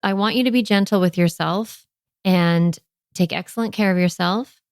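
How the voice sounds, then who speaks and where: A middle-aged woman coaching parents on her podcast, speaking earnestly and casually, with lots of "like" fillers. Her voice is close and dry, with no room around it, and sits at an ordinary pitch. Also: moderate pace, no echo. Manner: earnest, conversational, many "like" fillers.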